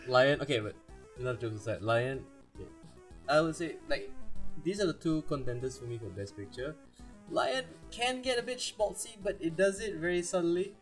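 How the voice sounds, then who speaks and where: Animated laughing man, higher voice. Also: normal speed, faint music behind. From India. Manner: animated, laughs often, acts out quotes. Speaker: podcast co-host. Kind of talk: casual film chat.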